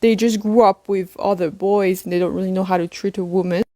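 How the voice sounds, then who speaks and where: A woman's voice: mid-range voice, steady tone, fairly quick, dark tone, dry recording. Blunt woman in a dry room. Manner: blunt, direct. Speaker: social media commentator. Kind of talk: advice video.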